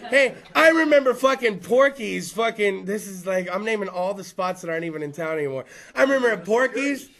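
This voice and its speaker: A man's voice: high voice, lively intonation, fairly quick, fairly bright tone. A man in his thirties hosting a show, ranting crudely and profanely to a small live room. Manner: crude, profane, rambling storyteller. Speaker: host. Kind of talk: stand-up style rant to a live room.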